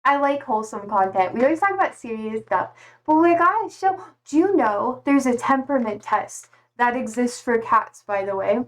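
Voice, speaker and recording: A woman's voice: a little high, animated, normal speed, low-quality recording. A young woman streamer chatting casually and bubbly, gushing over her cats with baby talk. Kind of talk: casual live-stream chat.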